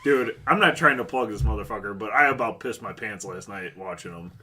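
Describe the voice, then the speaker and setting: A man co-hosting a podcast, telling funny stories in a profane, animated way. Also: on the low side, fairly quick, breathy edge. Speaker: podcast co-host. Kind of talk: casual chat.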